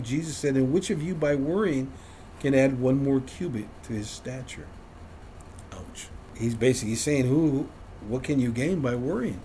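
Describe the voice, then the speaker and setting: A man's voice: medium pitch, warm tone, a little hiss or hum. A man leading an informal Bible study for a small group, conversational and self-deprecating, often chuckling.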